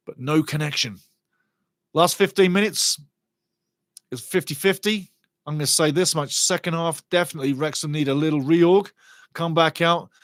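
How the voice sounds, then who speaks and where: A fairly high-voiced man calls a live football match as a fan watch-along commentator, excitable and partisan, at normal speed with long pauses. He reacts loudly to refereeing decisions and reads chat messages aloud between plays, his voice close and dry on the mic with no room sound.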